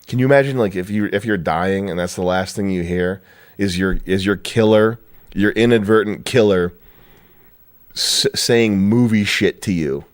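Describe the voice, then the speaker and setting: A man's voice: low-pitched, normal speed. A man hosting a podcast, chatting casually in a rambling, profane way and laughing often. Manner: mimics others in raised voice. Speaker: podcast host. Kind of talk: casual chat.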